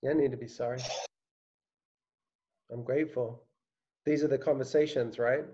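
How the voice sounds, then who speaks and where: A man, a pastor, interviewing a church member in a gentle, searching way with many conversational fillers. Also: mid-range voice, fairly even intonation, moderate pace, highs cut off.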